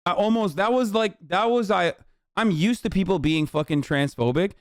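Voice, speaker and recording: A man's voice: high-pitched, moderate pace, dry recording, clean studio sound. A male livestreamer ranting heatedly and profanely at his chat.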